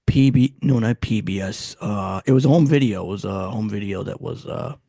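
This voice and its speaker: A man co-hosting a casual podcast chat, halting and searching for words. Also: fairly low pitch, vocal fry, warm tone, no room sound, clean studio sound. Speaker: podcast co-host.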